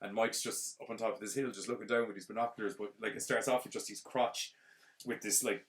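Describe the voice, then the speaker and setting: A man, hosting a podcast and retelling a film plot in a casual, rambling, animated way full of fillers. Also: fairly low pitch, quick pace. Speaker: podcast host.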